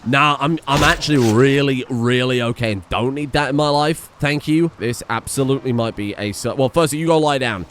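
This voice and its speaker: A young man commentating his own gameplay, swearing and panicking as he shouts orders at his characters. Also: mid-range voice, brisk, few pauses, slight background noise. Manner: swears and panics, swinging from mutters to yelps. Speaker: gaming streamer.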